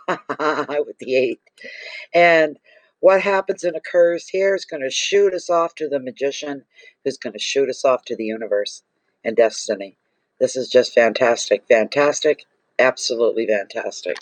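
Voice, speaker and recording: A man's voice: medium pitch, normal speed, no echo. A man giving a casual tarot reading to camera, gushing and exclaiming over the cards he draws. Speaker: tarot reader.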